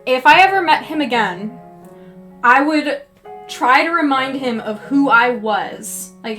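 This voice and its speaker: Young woman, high voice, chatty and rambling, lots of fillers; casual livestream talk over faint folk guitar. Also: normal speed. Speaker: livestreaming painter. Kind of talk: casual chat while painting on a livestream. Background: soft guitar folk music.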